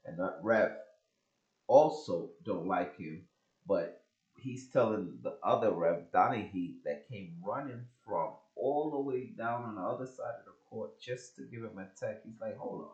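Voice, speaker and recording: A man with a very deep voice reacts to a clip, laughing and then summing up what was said. The recording is dull and muffled, with a noticeable echo. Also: moderate pace, a little mellow. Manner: laughs along and explains the story, cursing casually. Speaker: reaction video host. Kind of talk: commentary reacting to clips.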